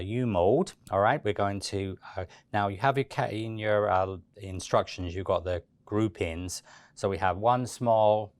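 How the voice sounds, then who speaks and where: A man giving a relaxed, chatty step-by-step cake decorating tutorial, with frequent fillers and restarts. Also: lowish voice, clear, resonant tone, no echo.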